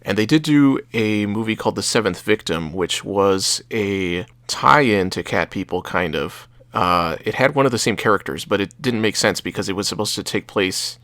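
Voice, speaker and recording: Low-voiced man rambling about movies. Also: lively intonation, normal speed, hardly any pauses, fairly bright tone, dry recording. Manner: rambling, hesitant, fillers and restarts. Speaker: podcast co-host. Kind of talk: casual movie chat.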